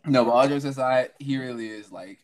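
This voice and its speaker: A man's voice: mid-range voice, a little fast. A young man co-hosting a casual podcast, teasing his friend, laughing often and speaking straight to the listeners. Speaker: podcast co-host.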